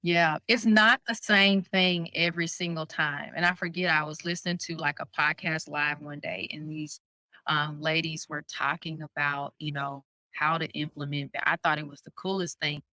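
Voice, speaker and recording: Woman coach on a podcast, bright punchy voice, laughs a lot, dry close sound. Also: low-pitched, moderate pace, no echo. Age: adult parent of a young child. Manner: animated, laughs often, acts out quoted speech. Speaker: co-host and coach. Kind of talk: casual podcast chat.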